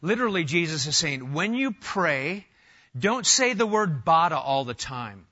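A middle-aged man preaching a sermon as pastor, animated, swinging between loud emphasis and soft asides. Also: on the high side, a little slow, dull audio.

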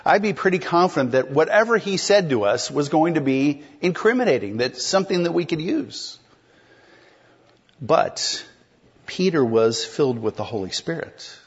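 A man's voice: a little high, big pitch swings, moderate pace, breathy edge, dull audio. A man preaching an expository sermon in a conversational way, explaining a text and putting questions to the congregation. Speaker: pastor.

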